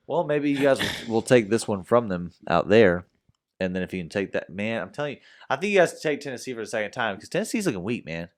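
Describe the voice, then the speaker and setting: A young man with a low voice that swings up and down a lot, talking football on a casual podcast. He uses easy slang and laughs loudly. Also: very animated, fast talker. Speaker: podcast co-host. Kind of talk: casual chat.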